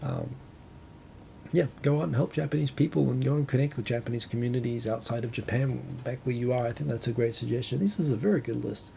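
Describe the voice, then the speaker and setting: Gravelly kiwi guy, accent gone soft, rambling live show chat, dark-ish voice, faint hum behind. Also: mid-range voice, fast. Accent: New Zealand, softened by years abroad. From New Zealand. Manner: chatty, rambling, frequent restarts and asides. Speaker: host of a live talk show. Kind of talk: casual live commentary.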